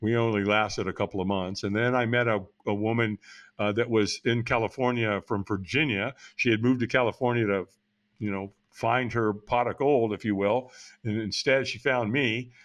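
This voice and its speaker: A man's voice: on the low side, steady tone, moderate pace, fairly bright tone. A man in his sixties telling his life story as a podcast guest, frank and blunt with casual swearing. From United States. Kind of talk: candid personal storytelling.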